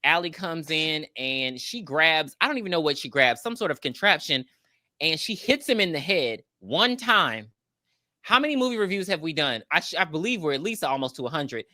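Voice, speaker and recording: A woman's voice: deep voice, sing-song, normal speed, bright, forceful tone, dry recording, clean studio sound. A woman co-hosting a podcast, recapping a movie in casual, profane chat and acting out the characters' lines. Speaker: podcast co-host.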